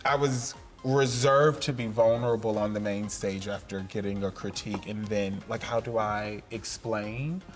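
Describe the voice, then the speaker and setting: Man, drag queen guest, casual interview, expressive, animated, faint music behind. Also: on the low side, moderate pace, few pauses. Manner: expressive and animated, acting out voices.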